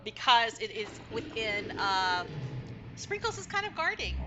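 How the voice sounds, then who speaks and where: A woman's voice: on the high side, big pitch swings, unhurried, noisy background. A woman narrating as game master of a tabletop game, chatty and hesitant with many fillers. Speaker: dungeon master.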